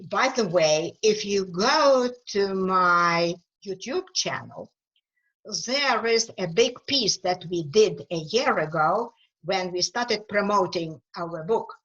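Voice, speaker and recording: A woman with a Ukrainian accent speaks unhurriedly in a webinar and answers questions with earnest emphasis. She fills her pauses with "um" and "you know". The sound is muffled and lo-fi, as on a video call. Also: mid-range voice, a bit bright. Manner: earnest, emphatic, with frequent fillers. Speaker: guest speaker, author.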